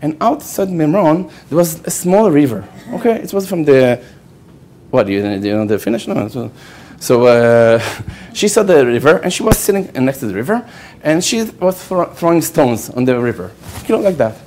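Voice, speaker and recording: A man's voice: fairly high pitch, sing-song, moderate pace, a little mellow, slight background noise. A man with an Israeli accent, a rabbi giving a storytelling lecture, laughing often and checking in with "okay" as he goes. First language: Hebrew.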